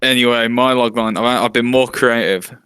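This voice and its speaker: A man's voice: medium pitch, steady tone, normal speed, sharp tone, smooth, no echo. A man co-hosting a podcast, joking through dry banter in casual chat. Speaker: podcast co-host.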